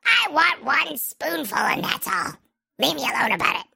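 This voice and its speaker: A petulant young man squeals his refusals in a piercing, very high voice, bright and gravelly at once,. The pitch swoops widely as he digs in his heels. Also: big pitch swings, normal speed, full character voice. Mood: whiny refusal. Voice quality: squeaky, shrill. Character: stubborn whiny young man refusing a dare.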